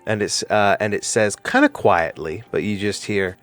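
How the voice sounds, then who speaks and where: A man's voice: lowish voice, normal speed, a bit bright, soft background music. A man narrating a tabletop game as game master, hesitant with many fillers.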